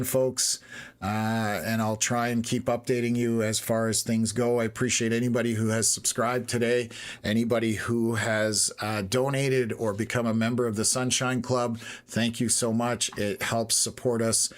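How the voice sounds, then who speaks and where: A man hosting a live storm-tracking stream, slightly hoarse and losing his voice, talking steadily with many pauses of "uh.". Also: medium pitch. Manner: steady, unhurried, lots of "uh" pauses. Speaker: weather stream host.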